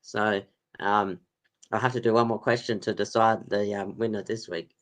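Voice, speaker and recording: A man hosts a casual sports quiz on his podcast, rambling with lots of ums and laughs. His voice sits on the low side with fairly even intonation, a fairly bright tone, and normal speed.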